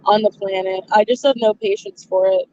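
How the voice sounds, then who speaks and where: A woman's voice: mid-range voice, fairly even intonation, normal speed, noisy background. Chatty woman host on a muffled line. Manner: chatty, laughs often, self-deprecating. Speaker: host of a live stream. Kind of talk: casual chat. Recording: muffled lo-fi sound.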